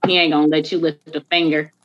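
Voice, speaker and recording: A woman's voice: low voice, flat delivery, fast. A woman hosting a podcast in casual chat, blunt, joking and profane. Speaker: podcast host. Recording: dull lo-fi recording.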